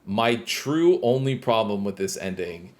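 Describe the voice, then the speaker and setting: Low-voiced man in casual chat. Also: animated, measured pace. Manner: rambling, with frequent restarts and self-corrections. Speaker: podcast co-host. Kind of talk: casual chat recapping a video game.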